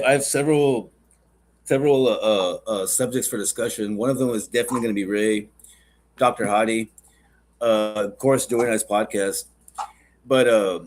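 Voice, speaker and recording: A man hosting a podcast, chatting casually in a rambling, joking and profane way. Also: medium pitch. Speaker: podcast host.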